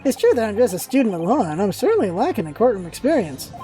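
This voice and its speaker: A woman's voice: medium pitch, sing-song, fast talker, mellow, soft background music, natural voice. A woman voicing an earnest, determined young male law student who speaks in a reassuring way.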